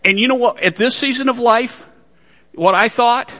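A man's voice: very high voice, moderate pace, bright, forceful tone, big-room sound. A man preaching a sermon to his congregation, folksy, with joking asides. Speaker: pastor.

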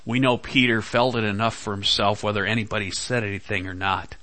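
A man preaching a sermon, slow and dramatic, acting out quoted lines. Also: fairly low pitch, fairly even intonation, bright, forceful tone, dry recording. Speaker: pastor.

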